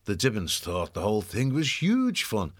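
A man's voice: on the low side, moderate pace. Man narrating a storybook. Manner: even, storytelling delivery. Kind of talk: scripted audiobook narration.

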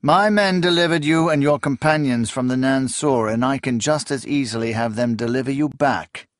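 A man's voice: medium pitch, animated, unhurried, no echo, studio quality, pitched above the performer's own voice, natural voice. A man voicing a proud prince who speaks with courtly, commanding ease. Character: proud young prince, commanding and smooth-talking.

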